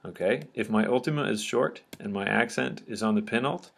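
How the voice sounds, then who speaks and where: Male teacher, lowish voice, patient step-by-step lecture, light typing behind. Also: brisk, creaky, breathy edge. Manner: patient, step-by-step explaining with frequent "okay?" checks. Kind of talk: recorded grammar lecture.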